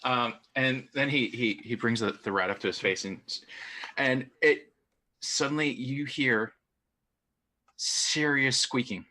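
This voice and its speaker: A man playing a tabletop game, describing his character's moves in a halting, casual way. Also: mid-range voice, sharp tone. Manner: halting, full of fillers. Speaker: player.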